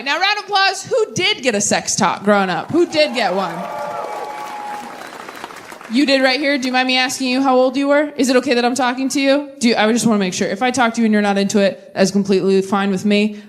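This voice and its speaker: A woman in her thirties doing a stand-up set with crowd work, quick and self-deprecating, laughing at her own tangents. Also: a little high, a little hiss or hum. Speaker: stand-up comedian. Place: theater stage with live audience.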